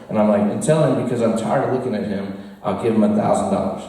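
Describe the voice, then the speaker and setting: Male storyteller, mellow voice, roomy bar sound, mic at a distance, animated and laughing. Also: lowish voice, fairly quick, hardly any pauses. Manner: animated, laughs through his story, chats with the crowd. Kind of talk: live storytelling to a bar audience. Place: bar with an audience. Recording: roomy echo, mic far off.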